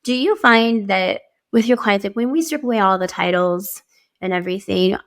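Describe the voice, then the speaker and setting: A woman hosting a podcast, chatting in an animated way and laughing lightly as she tells her own story and asks questions. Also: medium pitch, moderate pace. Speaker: podcast host. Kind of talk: casual interview chat.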